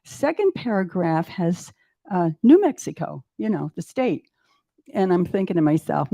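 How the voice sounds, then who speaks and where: A woman in her eighties, a guest in a live interview, telling a personal story in an animated way and acting out her own thoughts. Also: fairly low pitch, a little slow, creaky. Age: 80s.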